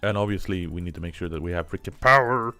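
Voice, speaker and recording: A man's voice: sits low, fast talker, bright, forceful tone, smooth, no room sound, soft background music. A man with a Swedish accent, a native Swedish speaker, giving casual commentary while he plays a game, muttering to himself and humming filler syllables. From Sweden. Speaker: game streamer.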